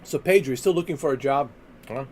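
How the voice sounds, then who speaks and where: A man chatting casually on a gaming livestream, rambling and laid-back, often trailing off quietly. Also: mid-range voice, quick pace, a little hiss or hum. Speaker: livestreaming gamer.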